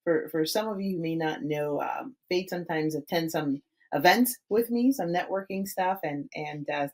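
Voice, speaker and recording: A woman's voice: low voice, normal speed, poor audio. A woman in her forties hosting a podcast interview, chatting animatedly and laughing often between phrases. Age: 40s. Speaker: podcast host. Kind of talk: casual interview chat.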